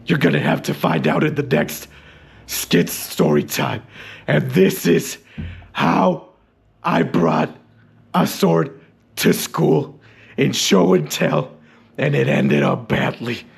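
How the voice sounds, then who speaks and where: Gravelly man telling a dramatic story. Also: fairly high pitch, sing-song, slow pace, pauses often. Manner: dramatic, exaggerated, bursts into shouting. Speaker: storyteller and channel host. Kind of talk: comedic storytime monologue.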